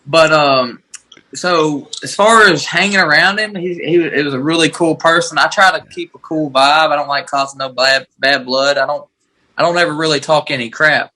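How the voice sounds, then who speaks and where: A man's voice: on the high side, fairly even intonation, normal speed, sharp tone, rough recording. A man, a bare-knuckle fighter, answering interview questions in a laid-back, rambling way with lots of fillers.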